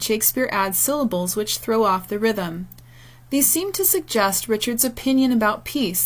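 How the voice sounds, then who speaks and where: A woman speaks in a calm, measured lecturing voice as she walks through slides. She explains step by step and now and then pauses on a filler. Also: mid-range voice. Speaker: teacher. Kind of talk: recorded lecture over slides.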